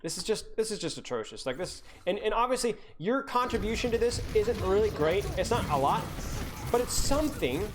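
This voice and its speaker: A young woman breaks down a player's match on stream, ranting one moment and cheering good plays the next. Her pitch swings widely as she repeats lines to hammer them home. She sits at a mid-range pitch for a woman. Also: sing-song, fairly quick, background noise. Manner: ranting, exasperated, repeats points for emphasis. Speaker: game coach and streamer. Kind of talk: live-streamed gameplay review.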